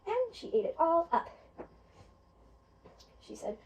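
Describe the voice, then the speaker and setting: A woman teacher telling a children's story in an animated way, asking the children questions. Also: sits high, moderate pace, long pauses, far from the mic, poor audio.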